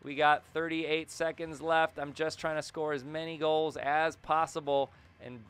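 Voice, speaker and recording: A man giving casual, excitable commentary over his own gameplay, muttering to himself, then yelling when things happen. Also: a little slow, clean tone. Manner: excitable, swings between low muttering and sudden yells; talks to the game and himself, repeats phrases. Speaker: gaming video creator.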